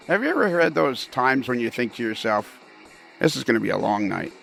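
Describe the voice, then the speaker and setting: A man's voice: mid-range voice, big pitch swings, normal speed, vocal fry, a bit bright, faint music behind. A man hosting a podcast, joking and rambling with many restarts and fillers. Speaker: podcast host. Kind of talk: comedic casual podcast banter.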